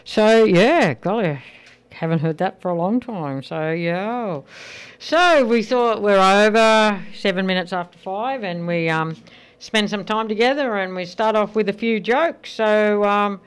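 Smooth-voiced woman radio host. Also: medium pitch, a little slow. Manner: chatty, with filler hums between jokes. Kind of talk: casual radio patter and joke telling.

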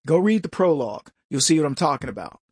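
A man with a high-pitched voice rants through a combative opinion monologue, mocking his critics and mimicking them in put-on voices. The sound is dry and close, with almost no room. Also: sing-song, fast, breathy edge, no room sound. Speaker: commentary show host.

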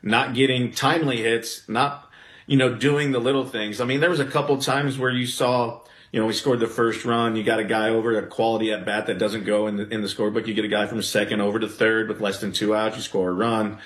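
A man, a former pitcher, talking baseball in a blunt, animated way that rises into exasperated outbursts. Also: a little fast. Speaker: former pitcher, podcast guest. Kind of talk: casual sports talk. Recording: roomy echo.

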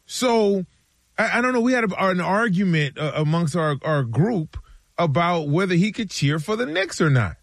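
A man co-hosts a sports talk show in a dry studio, his voice sitting a little high. His pitch swings widely as he tells stories and acts out what his friends said. The sound is close and dry, with no room echo. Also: moderate pace. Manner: animated storytelling, acts out friends' lines.

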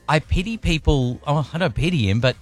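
A man's voice: on the high side, animated, fairly quick, faint music behind. A man co-hosting a breakfast radio show, chatting casually with a wry, self-mocking, rambling manner. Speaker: radio co-host.

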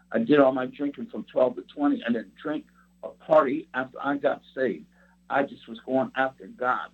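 A man's voice: medium pitch, breathy edge. A man preaching a personal testimony in an earnest, rambling storytelling way. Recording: tinny phone-like sound.

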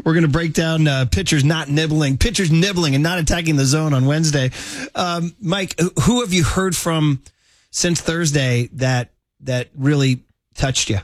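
Radio host guy, slightly high voice, dry studio sound, brisk and friendly. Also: no room sound. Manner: brisk, friendly, wraps segments up. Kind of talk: casual radio talk show hosting.

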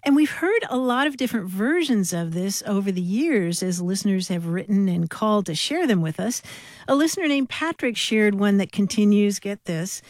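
A woman's voice: mid-range voice, expressive, moderate pace, dry recording, clean studio sound. A woman co-hosting a language radio show, chatty and laughing often as she explains where words come from. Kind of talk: radio talk show chat.

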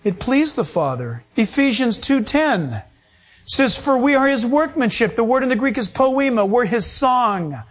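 Male pastor, middle-aged, animated sermon delivery, raised husky voice. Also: very high-pitched, unhurried. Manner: animated, acts out quoted voices, emphatic preaching.

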